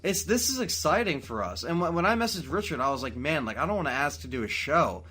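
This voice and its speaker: A man hosting a late-night gaming podcast, excitable and swearing freely, tired at four in the morning. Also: on the high side, quick pace, breathy edge. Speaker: podcast host.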